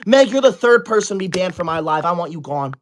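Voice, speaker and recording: Indignant and in his twenties, this man portrays a bossy, self-important streamer for laughs, berating his chat as he reads super chats. He speaks quickly in a high, expressive voice. Slight background noise can be heard.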